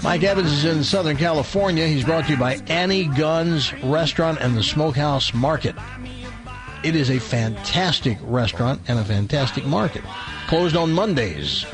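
A male radio show host telling a long joke in a casual, animated way, acting out the characters' lines. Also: fairly high pitch, moderate pace, over music. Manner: animated storyteller, acts out shouting robber lines.

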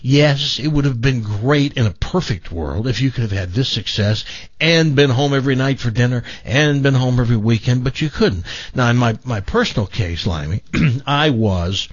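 A man's voice: mid-range voice, animated, moderate pace, dry recording, lo-fi sound. An older man hosting a talk show, telling a long personal story with many stammering restarts. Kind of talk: storytelling in casual chat.

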